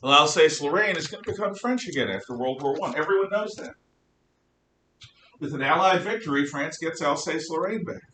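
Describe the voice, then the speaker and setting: A man giving a history lecture to a class, emphatic and animated, firing off rhetorical questions. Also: fairly quick. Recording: roomy, distant mic with faint rumble.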